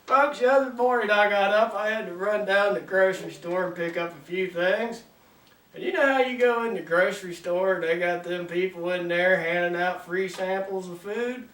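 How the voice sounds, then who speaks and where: A man's voice: high voice, moderate pace, a bit bright. A man hosting a comedy show, telling a folksy, wry story with a drawl. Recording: roomy sound from a distant mic.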